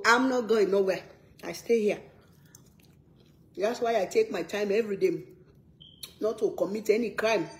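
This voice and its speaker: A Sierra Leonean woman with a Sierra Leonean English accent talks to her viewers in a casual cooking vlog. Her voice sits on the high side and is a little mellow, heard in a roomy space. She speaks earnestly and emphatically, repeating words for stress.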